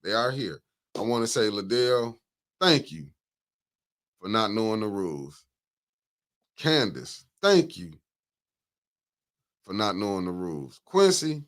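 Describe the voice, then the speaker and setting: Male host, loose teasing banter, very lively intonation. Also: on the low side, takes it slowly, pauses often. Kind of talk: casual morning show banter.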